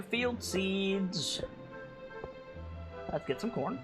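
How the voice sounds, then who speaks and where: A woman's voice: low voice, lively intonation, unhurried. A woman streamer reading out in-game prices and reacting dryly while playing, with game music behind. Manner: reads prices aloud, dry reactions. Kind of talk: gameplay commentary.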